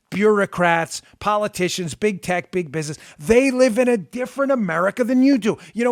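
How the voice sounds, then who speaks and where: A man hosting a political talk show, delivering an emphatic, sarcastic monologue that swings between loud and quiet, on a close studio mic. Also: high-pitched, dry recording. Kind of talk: opinionated talk radio monologue.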